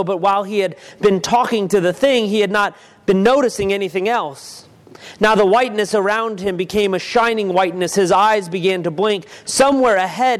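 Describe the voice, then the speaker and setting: Storytelling reader, male, high-pitched, long reverb: slow, deliberate, dramatic pauses. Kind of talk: reading a novel excerpt aloud.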